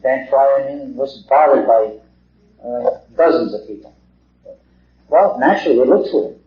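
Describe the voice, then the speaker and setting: A man's voice: mid-range voice, moderate pace. A middle-aged man giving an earnest talk to a small group, asking rhetorical questions and repeating himself. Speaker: lecturer. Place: meeting hall. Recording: echoey hall, dull 1950s tape.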